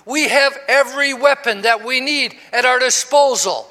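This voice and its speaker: High-voiced older man preaching in a reverberant church. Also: normal speed. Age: 60s. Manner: preaching, swelling to shouts with call and response. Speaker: pastor. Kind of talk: sermon. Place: church sanctuary. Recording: long reverb of a church hall.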